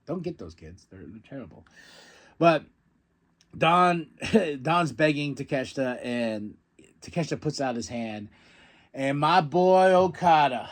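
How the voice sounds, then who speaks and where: Excitable man recapping wrestling. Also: a little high, moderate pace. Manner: excitable, acts out quotes, laughs often. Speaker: podcast host.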